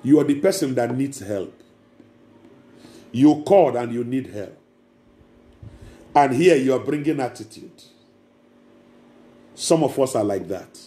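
A man's voice: mid-range voice, expressive, unhurried, long pauses, warm tone. A man preaching a sermon as pastor, emphatic and repeating key words. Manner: emphatic preaching with acted quotes. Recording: echoey room with faint music.

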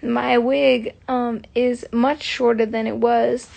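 A woman's voice: fairly high pitch, level tone, takes it slowly, creaky, darkish tone. A woman chatting loosely on a phone live stream, rambling and swearing freely. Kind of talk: casual live stream chat.

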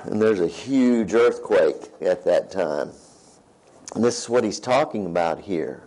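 Slow, low-voiced preacher. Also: male voice, animated, a little mellow, poor audio. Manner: conversational, reads scripture aloud and asks "right?". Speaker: pastor. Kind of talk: sermon.

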